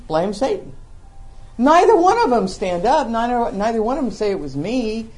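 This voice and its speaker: A middle-aged woman teaching a Bible study to a small group, animated and acting out the voices of the scripture. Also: a little high, moderate pace. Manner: animated, acts out the scripture voices, laughs along.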